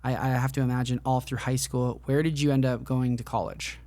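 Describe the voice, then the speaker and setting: A man's voice: medium pitch, little pitch movement, a little fast, dark tone, no room sound. A man hosting a podcast interview, asking long winding questions full of "like.". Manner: leans on "like" as filler, talks in long winding questions. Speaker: podcast host. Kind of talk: casual interview chat.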